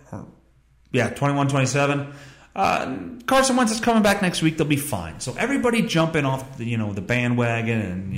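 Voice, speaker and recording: A man hosting a podcast, rambling through a casual monologue and reading news with a sarcastic, profane manner. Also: mid-range voice. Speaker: podcast host. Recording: echoey room.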